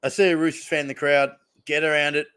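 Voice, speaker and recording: A man's voice: on the high side, little pitch movement, fast talker, a bit bright, smooth. A young man with an Australian accent casually chatting and reacting to plays as he hosts a live stream watch-along, rambling between topics. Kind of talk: casual live commentary and chat.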